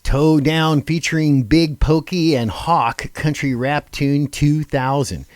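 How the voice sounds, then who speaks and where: A man's voice: a little high, steady tone, takes it slowly, darkish tone, dry recording. A man co-hosting a casual radio chat, reading down a list with many fillers and restarts and laughing often. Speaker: radio show co-host.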